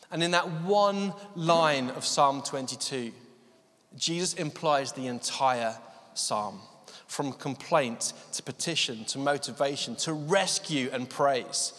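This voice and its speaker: A male preacher giving a sermon, telling a story with many fillers and slowing down to stress his key points. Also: fairly high pitch, lively intonation, fairly bright tone, in a large hall. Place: church hall.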